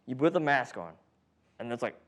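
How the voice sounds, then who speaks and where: At normal speed and medium pitch, a paramedic instructor keeps his training class relaxed and full of jokes. He puts questions to the room and animatedly voices patients and monitors.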